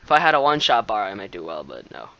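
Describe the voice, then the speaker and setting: A young man giving live gameplay commentary, excitable, laughing often and shouting at the players who beat him. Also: lowish voice, fast talker, vocal fry, no echo, highs cut off.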